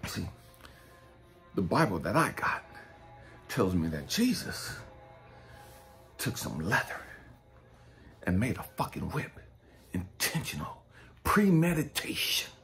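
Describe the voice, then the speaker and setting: A man preaching a blunt, profane street-style sermon, dropping to low mutters and rising to shouts. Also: big pitch swings, slow, creaky, long pauses, faint music behind. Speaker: spiritual coach and speaker.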